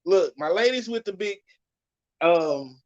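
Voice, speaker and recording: A man's voice: lively intonation, slow pace. Ranting, profane man host. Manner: loud, blunt, cursing rants with sudden pitch jumps. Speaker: podcast host. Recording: dull lo-fi sound.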